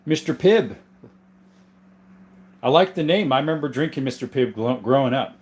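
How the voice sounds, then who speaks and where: Man, 30s, from southern Arizona. Relaxed livestream host, mid-pitched voice, reads out chat and thanks viewers by name. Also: normal speed. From southern Arizona, USA. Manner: laid-back, chatty, greets viewers by name. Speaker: livestream host and gun collector. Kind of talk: casual livestream chat reading comments.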